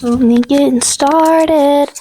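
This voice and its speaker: A young woman hosting a casual podcast chat, bubbly and giggly, quick to jump in. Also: high voice, dark tone, a little hiss or hum. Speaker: podcast host.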